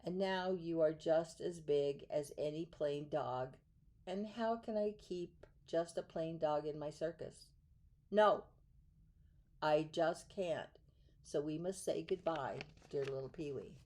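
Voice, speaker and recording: A woman voicing a soft-hearted male circus owner who speaks in a raised, emotional way. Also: mid-range voice, expressive, unhurried, natural voice. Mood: sorrowful.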